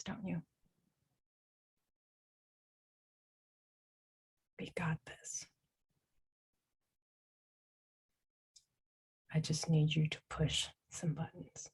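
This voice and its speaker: A woman's voice: sits low, warm tone, husky. A woman acting in a student stage play as an emotional, flustered young woman who gushes, laughs and stammers. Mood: coaxing whisper. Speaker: student performer.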